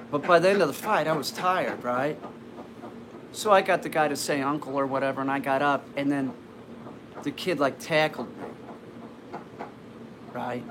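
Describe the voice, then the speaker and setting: A man casually telling a personal story, rambling with lots of restarts and fillers. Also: mid-range voice. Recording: noisy background ambience.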